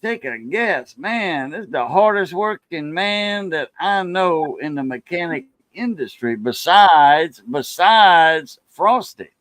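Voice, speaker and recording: A man's voice: a little high, expressive, takes it slowly, few pauses, a bit bright, no room sound. A man with a Cajun accent hosting a casual chat, telling rambling folksy stories in a loose, easygoing way. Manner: rambling, folksy storytelling with laughs. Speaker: channel host.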